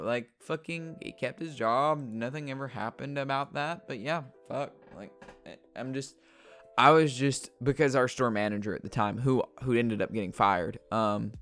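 A podcast host in a casual rambling monologue, swearing freely and telling stories in an animated way with many fillers and restarts, talking at a desk indoors. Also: medium pitch, dry recording. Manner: profane, ranting storyteller.

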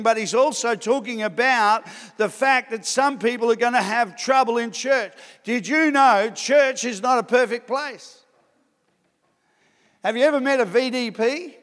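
Male pastor mid-sermon, high-pitched, emphatic swells and soft asides, echoing church hall. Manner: preaching with rising emphatic bursts and quiet asides. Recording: long hall reverb.

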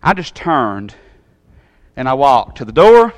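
A man from Tennessee, telling a personal story in a sermon, acting out the voices and swinging from loud to soft. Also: mid-range voice, very animated, slow, lo-fi sound.

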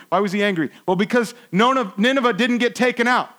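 This preacher talks fairly quickly with hardly any pauses, his male voice high. His sermon is earnest and conversational, full of restarts and alternating between loud stresses and murmured asides.

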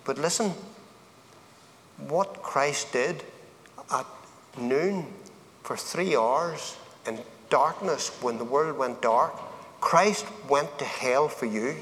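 A man's voice: medium pitch, slow, long pauses, fairly bright tone, slight background noise. Northern Irish man preaching in a reverberant hall. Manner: earnest, plain-spoken, building to fervent appeals. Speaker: speaker giving a personal testimony. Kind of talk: evangelistic testimony at a men's event. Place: event hall.

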